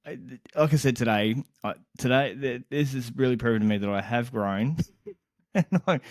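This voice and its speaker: A young man on a casual podcast, co-hosting and telling a story in an animated, exasperated way, swearing constantly and laughing mid-sentence. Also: fairly low pitch, dry recording, clean studio sound. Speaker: podcast co-host.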